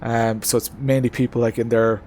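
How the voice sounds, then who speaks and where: A man's voice: medium pitch, fairly quick, slight background noise. Chatty man streaming from his racing rig. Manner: relaxed and chatty, answers chat, many "uh"s and restarts. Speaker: streamer racing in a sim-racing league. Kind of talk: casual live-stream chat. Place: home sim-racing setup.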